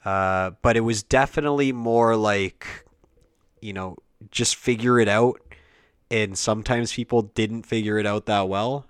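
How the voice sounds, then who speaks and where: A man's voice: lowish voice, clear, resonant tone, no echo, clean studio sound. A young man talking casually and at length, rambling with many fillers and self-corrections. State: has the hiccups. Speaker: speaker recounting a family kids' camp.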